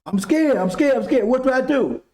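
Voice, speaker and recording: A scared heart cries out in a voice pushed far above its speaker's normal pitch, as a preacher puts it on. It panics and keeps repeating itself, pleading for an answer in a lively, climbing tone. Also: male voice, normal speed. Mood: panicked.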